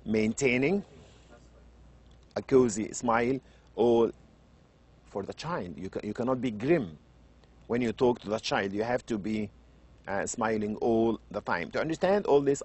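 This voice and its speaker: Husky-voiced male lecturer with an Arabic accent. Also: fairly low pitch. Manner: animated, varies tone and loudness for emphasis, asks rhetorical questions. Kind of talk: university lecture.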